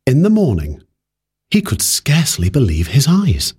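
A man reading a fairy tale aloud in a measured, even storybook manner. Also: mid-range voice, husky. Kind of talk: scripted fairy-tale narration.

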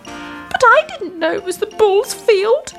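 A woman's voice: extremely high pitch, big pitch swings, takes it slowly, fairly bright tone, faint music behind, voice pushed up, exaggerated voice. A woman voicing a simple-minded young man in a storybook reading, sounding meek and plaintive.

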